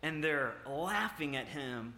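Bright-voiced preacher in an echoey church. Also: male voice, a little high, lively intonation. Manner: halting, many filler sounds and restarts; emphatic, rising on key points. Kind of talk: sermon with scripture reading. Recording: echoey room.

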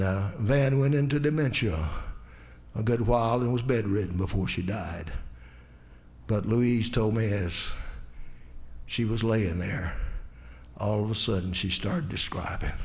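Impassioned man preaching a sermon. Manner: impassioned, swings from loud rising appeals to hushed low asides. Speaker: pastor. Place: church.

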